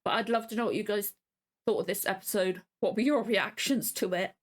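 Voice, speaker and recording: A woman's voice: mid-range voice, brisk. A woman, teary and emotional, rambling and gushing with many restarts as she hosts a reaction vlog. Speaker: reaction channel host. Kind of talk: casual reaction vlog chat.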